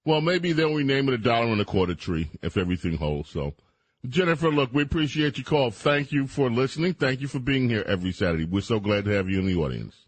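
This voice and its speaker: A man's voice: medium pitch, sing-song, quick pace, husky, no echo. A middle-aged man hosting a radio talk show, giving opinionated, emphatic commentary with mocking asides.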